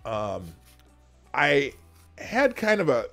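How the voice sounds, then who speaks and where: A man's voice: mid-range voice, huge pitch swings, takes it slowly, gravelly, bright, forceful tone, soft background music. A man hosting a livestream, chatting casually and rambling with many restarts. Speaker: host.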